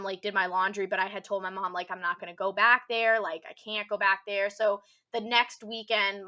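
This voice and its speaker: A young woman telling a personal story on a podcast, rambling casually with constant "like" fillers and a soft, subdued delivery. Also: mid-range voice. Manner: rambling, heavy use of "like" filler.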